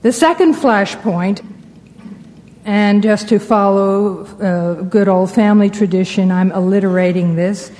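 A woman giving a measured talk to a church audience, with wry asides. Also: medium pitch, dark tone, long reverb tail. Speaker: speaker addressing ministers.

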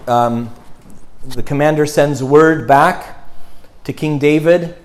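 A man telling a story in a sermon, animated, swinging between loud and hushed. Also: fairly high pitch, slow.

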